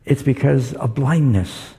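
A man's voice: mid-range voice, a little slow, warm tone. A man preaching a sermon, retelling scripture stories and acting out the voices in them. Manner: storytelling, acts out quoted voices.

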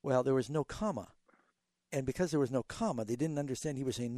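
A man's voice: medium pitch, fairly quick, no echo. A middle-aged man hosting a call-in radio Bible show as pastor, explaining passages with stories and emphatic delivery. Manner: explanatory, tells illustrative stories, animated emphasis.

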